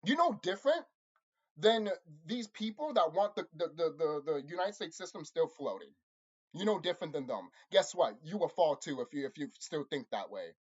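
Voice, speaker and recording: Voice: moderate pace, husky. Angry profane ranter, lo-fi recording. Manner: angry, profane, repeats himself, insults listeners; lively swings in pitch and loudness. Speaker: channel host. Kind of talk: ranting monologue to viewers. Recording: dull lo-fi recording.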